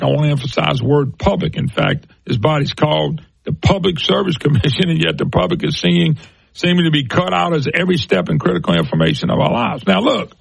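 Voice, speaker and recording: A man's voice: fairly high pitch, creaky, breathy edge, no echo, poor audio. A man hosting a talk show, giving emphatic, folksy commentary and speaking to listeners as folks.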